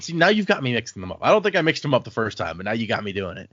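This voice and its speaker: A man chats through the chapters of a fantasy novel with friends, slipping into quick impressions of the characters. His voice sits at a middling pitch. The recording is dry and a bit muffled, like a home podcast mic. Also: big pitch swings, fairly bright tone, no room sound. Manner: recaps chapters, acts out character lines. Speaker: podcast co-host. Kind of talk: casual book-club chat.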